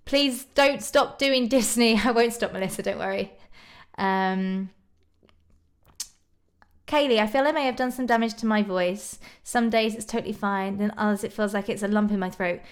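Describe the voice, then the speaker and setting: A young woman from just northwest of London with a southern English accent, chatting casually on a live stream and answering viewers' questions with lots of ums and little laughs. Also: on the high side. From England, northwest of London. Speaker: YouTube singer hosting a live stream. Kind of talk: casual live-stream chat reading comments.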